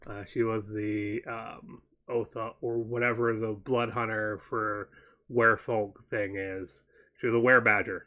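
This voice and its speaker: A man's voice: on the low side, level tone, measured pace, narrow, tinny audio. Rambling man in casual chat. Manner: meandering, stops to recall details mid-sentence. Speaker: co-host of a chat show.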